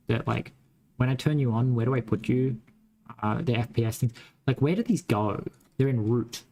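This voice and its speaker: Casual game-dev streamer, a man with a light West Australian accent who rambles, thinks out loud and swears offhand. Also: medium pitch, slight background noise. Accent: mild West Australian. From Western Australia. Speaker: game developer streaming his coding. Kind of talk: casual live-coding chat.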